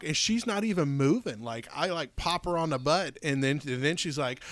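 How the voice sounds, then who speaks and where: A middle-aged man co-hosting a podcast, telling stories in casual chat, animated and rambling with many restarts. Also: a little high, brisk, few pauses, dry recording. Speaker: podcast co-host.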